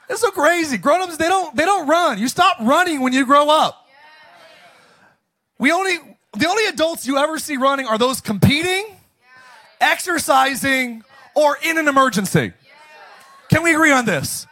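A man preaching a jokey, energetic Easter sermon as pastor, often bursting into shouts. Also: moderate pace. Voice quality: high, bright, animated preaching voice.

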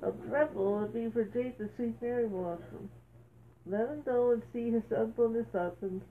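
A woman's voice: fairly high pitch, brisk, close to an everyday voice. A woman reading the lines of a caring, scheming mother in a plain read-aloud voice. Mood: worried. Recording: tinny phone-like sound, faint hiss.

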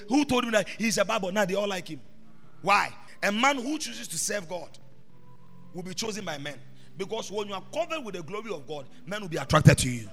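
A man preaching a sermon as an apostle, shifting between quiet asides and shouted proclamations. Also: high voice. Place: church hall. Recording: reverberant church hall with music behind.

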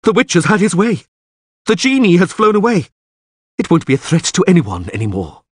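A man doing an excitable shouting onlooker. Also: sits high, moderate pace, husky, dry recording, clean studio sound, voice pushed up, full character voice. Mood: excited.

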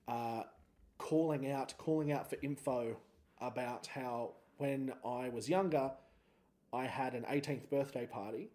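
A man's voice: medium pitch, darkish tone. A man in his thirties with an Australian accent, hosting a solo podcast and telling a story in a laid-back, joking, rambling way. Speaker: podcast host.

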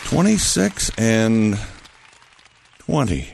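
A man's voice: fairly low pitch, sing-song, extremely slow, gravelly, crowd noise, background noise. A middle-aged man co-hosting a radio show, joking and teasing. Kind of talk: morning radio banter.

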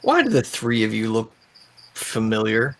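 A man's voice: fairly low pitch, huge pitch swings, normal speed, a bit bright, heavily acted. A man voicing a flustered adult male security guard in a tabletop game, blunt and crude. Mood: dazed.

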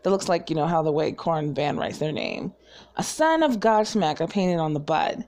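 A woman's voice: low-pitched, animated, moderate pace, a little mellow. Chatty woman, laughing and swearing freely. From Southern US. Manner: chatty, profane, laughs often. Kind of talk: casual storytelling chat.

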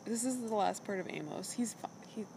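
A woman's voice: mid-range voice, animated, brisk, vocal fry, background noise. A woman podcast co-host in casual chat, retelling events animatedly with quoted asides. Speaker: podcast co-host recapping a show.

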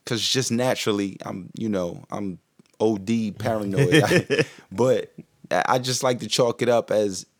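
A man in his thirties hosting a podcast, casual and profane, who grows animated when he preaches to listeners. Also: fairly low pitch, measured pace, dry recording, clean studio sound. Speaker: podcast host.

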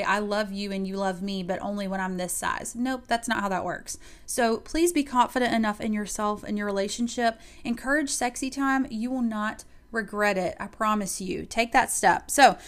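Young woman, mom-vlogger, fairly high voice, emphatic, direct encouraging talk. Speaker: mom giving advice to mothers. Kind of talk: casual motivational talk to camera.

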